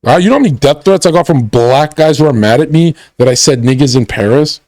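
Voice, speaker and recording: A man's voice: on the high side, expressive, quick pace, a little mellow, no room sound. Guy streaming, crude mocking rant, voice jumps all over, dry close sound. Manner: mocking, ranting, profane. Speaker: streamer reacting to a video. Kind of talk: crude livestream commentary.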